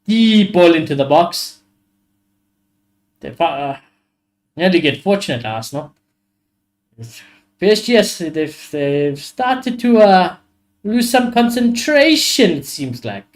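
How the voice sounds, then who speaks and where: A young man hosting a live football watchalong, reacting excitably to the play and swearing freely. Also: high-pitched, slow pace, long pauses. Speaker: watchalong host.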